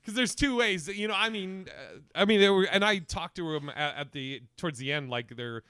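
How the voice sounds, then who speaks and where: A young man hosting a casual comedy podcast, talking in an animated way, laughing often and acting out the people he quotes. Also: high voice, a little fast, smooth, dry recording. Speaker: podcast host.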